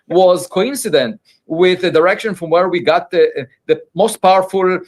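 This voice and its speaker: A man being interviewed as a scientist, explaining measuredly with many filler pauses. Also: high voice.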